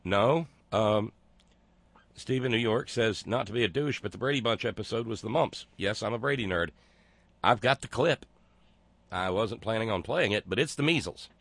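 A man hosting a talk show, speaking in a sarcastic, halting way with many fillers and restarts. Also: lowish voice, lively intonation, fairly bright tone, dry recording. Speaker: host. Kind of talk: casual commentary.

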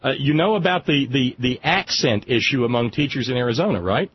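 Brisk and animated, this Southern-accented man hosts a call-in radio show in a mid-range voice, rambling wryly and frequently starting his sentences over. The broadcast sounds slightly muffled, with faint noise behind him.

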